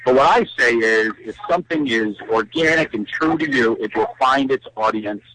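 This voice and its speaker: A man's voice: mid-range voice, noisy background. A comedian with a Philadelphia accent calling in to chat, rambling and joking at his own expense. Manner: rambling, self-mocking, quick to joke. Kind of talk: casual phone-in chat.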